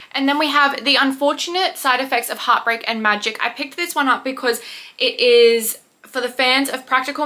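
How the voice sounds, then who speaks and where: A woman's voice: fairly high pitch, sharp tone. A young woman, chatting casually to camera about her unread books in a rambling, self-deprecating way. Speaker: book vlogger.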